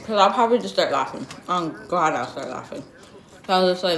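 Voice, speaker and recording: A woman's voice: on the low side, animated, fast talker. A young woman telling a storytime vlog in a blunt, sassy, slangy way, full of asides. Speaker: vlogger. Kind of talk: storytime vlog, casual gossip. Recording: roomy echo.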